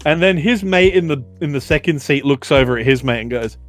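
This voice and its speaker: Aussie podcast co-host, young, casual swearing storyteller, lots of fillers. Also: male voice, a little high, brisk, faint music behind. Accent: Australian. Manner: animated, swearing, filler-heavy.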